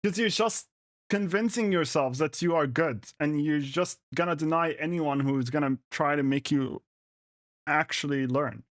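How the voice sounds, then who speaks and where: A male streamer reacting to clips in a live broadcast. His voice sits a little high for a man, and he stumbles through restarts with amused exasperation. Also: normal speed, no echo, clean studio sound.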